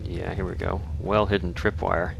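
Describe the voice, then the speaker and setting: A man's voice: low voice, level tone, normal speed, creaky, background noise. A man hosting a let's play, giving easygoing, rambling gameplay commentary. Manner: easygoing, rambling, self-correcting.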